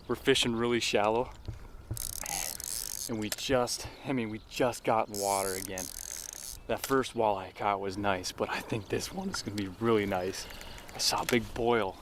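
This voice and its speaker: A man hosting a fishing show from his boat outdoors, narrating with excitable, folksy exclamations. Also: lowish voice, a little slow, long pauses, noisy background. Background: background music.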